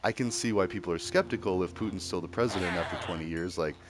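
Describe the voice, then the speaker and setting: A man's voice: deep voice, fast, background noise. A man ranting in a casual, rambling way, heated and packed with fillers and restarts. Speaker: streamer. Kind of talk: casual rambling opinion rant. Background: music.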